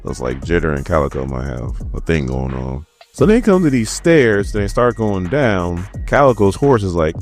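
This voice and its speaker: A man's voice: sits low, sing-song, normal speed, hardly any pauses, a little mellow, faint music behind. A man casually recapping a comic book issue, joking and chatting directly to his viewers.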